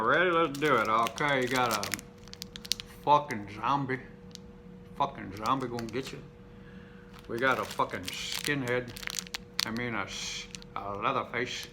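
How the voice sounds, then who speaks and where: A man hosting a casual unboxing vlog, cracking crude, profane jokes with deadpan self-mockery. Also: mid-range voice, moderate pace, background noise. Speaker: video host.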